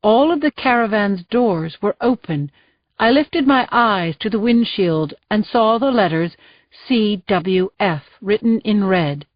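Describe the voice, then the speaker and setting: A woman reading a first-person thriller audiobook in a tense, measured way. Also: medium pitch, lively intonation, no room sound. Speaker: audiobook narrator. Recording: dull, dry studio sound.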